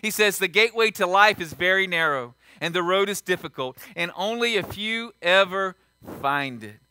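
Emphatic pastor preaching. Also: male voice, sits high, animated, moderate pace, a little hiss or hum. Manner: emphatic, repeats lines for stress, swings from quiet to shouting. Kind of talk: sermon.

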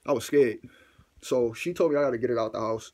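A man with a husky, slightly rough voice tells a storytime vlog, sitting squarely in the middle of the male pitch range. He talks in an excitable, profane rush and circles back to repeat his lines for effect. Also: quick pace. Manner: excitable, swearing, repeating himself. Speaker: vlogger.

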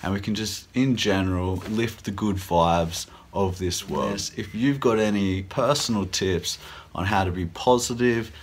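A man's voice: deep voice, unhurried, a little hiss or hum. A young man talking casually to camera, earnest and encouraging, repeating his points for emphasis. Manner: earnest, repetitive, upbeat and encouraging. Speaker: vlogger giving life advice. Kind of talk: casual motivational talk to camera.

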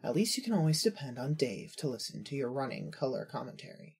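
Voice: mid-range voice, big pitch swings, fast, a little mellow, slightly rough. A narrator reading second-person fanfiction in a wry, observant way.

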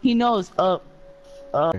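A young man in gaming voice chat, whiny and defensive, often yelling at his friends. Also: sits high, animated, slow, dull audio. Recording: noisy game capture.

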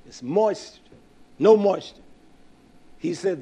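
Man preaching a sermon, kinda high voice, goes from quiet mumbling to loud fired-up bits, lots of "doesn't he?". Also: lively intonation, breathy edge. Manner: swings from low murmuring to raised, fervent preaching; rhetorical questions, drawn-out emphatic words.

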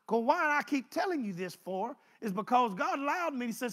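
A male preacher delivering an animated sermon, swinging between loud exclamations and low asides. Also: brisk, few pauses.

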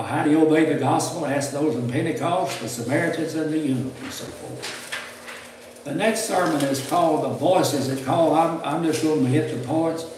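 A man's voice: on the high side, a little mellow. Man, folksy sermon, repeats words, far from the mic, faint hiss. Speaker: preacher. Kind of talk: sermon lecture. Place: church hall. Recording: echoey hall mic from a distance, faint noise.

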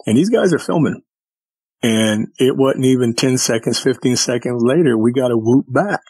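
A male podcast guest with a husky, medium-pitched voice tells stories of his own encounters at a normal speed, with no room sound in the recording. He's an animated, folksy storyteller who rambles and acts out the voices of the people he quotes.

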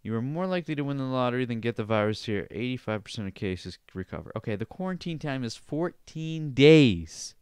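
A man's voice: medium pitch, lively intonation, fairly quick, hardly any pauses, a little mellow, clear, resonant tone, no echo. A young man hosting a solo podcast, ranting casually with plenty of swearing and sarcasm. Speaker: podcast host.

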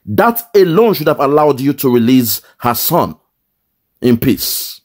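A man's voice: mid-range voice, big pitch swings, a little slow. A man giving angry, emphatic commentary on a clip, stumbling and repeating words as he stresses his points.

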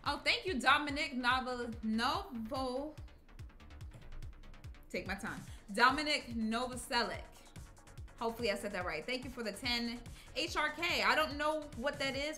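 A young woman hosting a gaming livestream, chatting casually, thanking viewers and reacting loudly with some cursing. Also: a little high. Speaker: livestreaming gamer, host. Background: game music.

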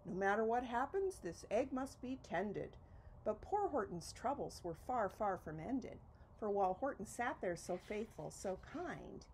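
A woman reading a children's picture book aloud in an expressive, storytelling way. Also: mid-range voice, poor audio. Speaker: reader.

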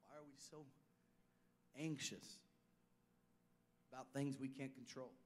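A pastor preaching a sermon, swinging from loud declarations down to hushed asides. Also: male voice, mid-range voice, slow.

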